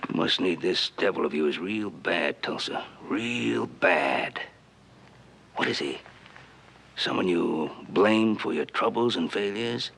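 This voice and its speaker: A deep, gravelly rancher patriarch. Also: male voice, takes it slowly, exaggerated voice. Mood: firm. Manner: calm, firm and persuasive. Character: steady, wise rancher patriarch. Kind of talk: 1960s TV western acting.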